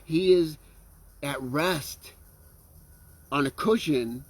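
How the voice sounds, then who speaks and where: A man with a slightly high voice draws out his words as he preaches a sermon earnestly, recorded dry. He keeps checking in with his listeners, often asking "okay?" and "right?", and frequently restarts his phrases.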